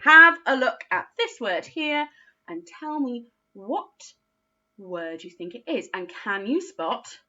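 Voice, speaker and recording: A bright, clear-toned woman leads young children through a phonics lesson, drawing out each sound and praising every answer. Her voice swoops up and down in a lively sing-song, and the recording is a little dull and lo-fi. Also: on the high side. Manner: slow, encouraging, sing-song teacher talk with exaggerated praise. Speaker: early years teacher.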